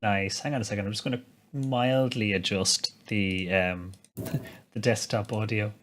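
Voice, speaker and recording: A man's voice: fairly low pitch, steady tone, unhurried, a bit bright, a little hiss or hum. A man with a Dublin Irish accent, chatting easily with viewers while streaming a game and laughing often. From Ireland. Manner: chatty and easygoing, laughs often, answers chat messages. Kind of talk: live gameplay commentary, chatting with viewers. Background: music.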